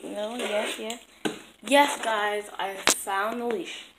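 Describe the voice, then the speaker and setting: A woman's voice: medium pitch, steady tone, takes it slowly, very noisy. A young woman vlogging casually to her phone camera, talking in slang and scolding her dog.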